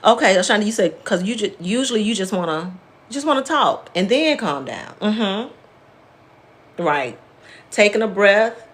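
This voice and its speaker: Woman therapist teaching live online, chatty and plainspoken, talks back to viewers' comments. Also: on the high side. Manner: conversational, reads out and answers viewer comments by name. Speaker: therapist hosting a live wellness class. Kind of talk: casual live-stream teaching.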